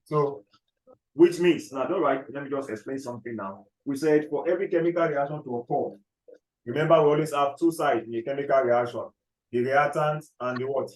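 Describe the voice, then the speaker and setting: A man's voice: medium pitch, reverberant, poor audio. A man teaching chemistry in a classroom, dictating notes and often checking whether the class follows. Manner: repeats key phrases slowly, checks understanding often.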